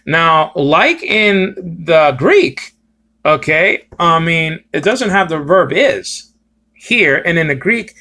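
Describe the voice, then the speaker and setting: A man teaching informally, halting and repetitive, often checking in with his listeners. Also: on the high side, sing-song, pushed and bright. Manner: repetitive, checks in with "okay?" and "you understand?"; halting, many restarts and fillers. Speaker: Bible teacher.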